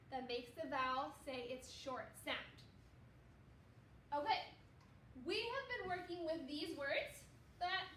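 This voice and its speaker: A woman teaches a reading lesson to second graders, taking each step slowly and patiently. Her voice sits high and encouraging. She sounds a little away from the mic, in a roomy space with a faint hum behind her. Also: fairly bright tone, recorded from a distance. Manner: slow, patient, encouraging explanations.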